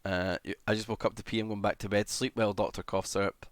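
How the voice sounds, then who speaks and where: Man, low voice, casual streamer chat, reading comments, excited shouts, dry close sound. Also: quick pace, no room sound. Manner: chatty, greets viewers, bursts into excited shouts.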